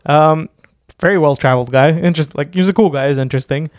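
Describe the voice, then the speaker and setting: A man with a fairly high, smooth voice rambles through casual chat, stacking fillers and false starts. The recording is close and dry, with no room sound. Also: quick pace, no room sound. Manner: rambling, many fillers and restarts, laughs often.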